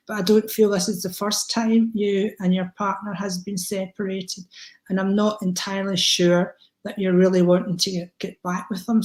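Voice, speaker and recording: A woman doing a live-stream card reading, chatty and affectionate, calling viewers by name. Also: medium pitch. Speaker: psychic card reader. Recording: echoey room.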